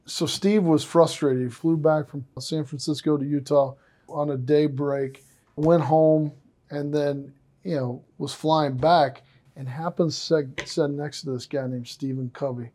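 An eager male interviewer with a fairly high but mellow voice. He gushes with praise and spins long anecdotes in a relaxed conversational flow. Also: unhurried. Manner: enthusiastic, animated storyteller. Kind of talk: casual conversation.

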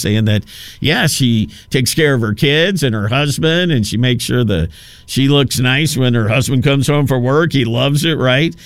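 A man in his fifties hosts a talk radio show and rambles through a casual on-air monologue. He talks at a middling pitch, wanders off on asides, and restarts his sentences often. His voice sounds close and dry, with no room echo. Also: smooth. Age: 50s.

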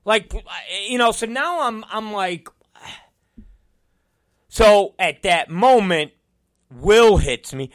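A middle-aged podcast host and wrestling promoter tells an exasperated story as a casual, profane rant. His high voice has lively intonation, a slow pace, and long pauses. The recording is dry and studio quality.

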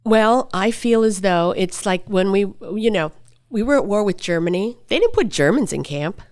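A middle-aged actress and voice performer telling stories in a conversational interview, her pitch jumping up for emphasis. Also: normal speed. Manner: animated storytelling, pitch jumps for emphasis.

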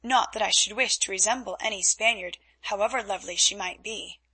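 A cheerful young heiress, given voice by a woman reading the story, light and lilting. The tone is bright and pointed, with a breathy edge. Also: mid-range voice, fairly quick. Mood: playful. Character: cheerful young Dutch heiress, playful then frightened.

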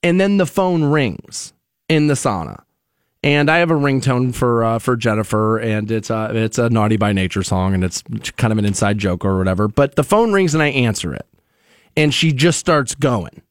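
A man's voice: medium pitch, lively intonation, normal speed, no echo. Chatty man, dry studio radio voice. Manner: rambling storyteller, many fillers and restarts. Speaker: radio show host. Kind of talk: casual morning radio chat. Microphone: studio microphone.

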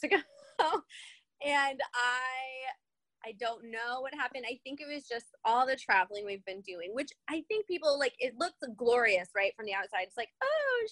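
A woman's voice: fairly high pitch, expressive, normal speed, pushed and bright, no echo. A woman telling stories animatedly in a casual conversation, often laughing as she talks.

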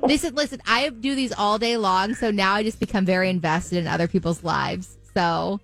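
A woman's voice: mid-range voice, moderate pace, fairly bright tone, faint music behind. A woman co-hosting a radio show, playful and nosy, chatting friendly with a caller. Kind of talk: radio show banter and prank call.

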